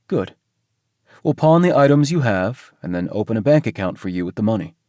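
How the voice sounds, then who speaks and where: A man voicing a blunt, quiet mafia enforcer. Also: on the low side, sing-song, brisk, no room sound, studio quality. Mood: calm, blunt. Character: calm, blunt male mafia enforcer, young adult.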